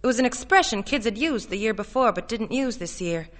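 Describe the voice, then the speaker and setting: A woman giving a measured, steady reading of a literary short story. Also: on the high side. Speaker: reader.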